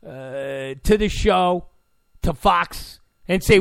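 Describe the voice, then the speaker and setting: A man's voice: fairly high pitch, unhurried, fairly bright tone, no echo, studio quality. A man hosting a political commentary show, delivering a combative rant and repeating phrases for emphasis. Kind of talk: ranting political monologue.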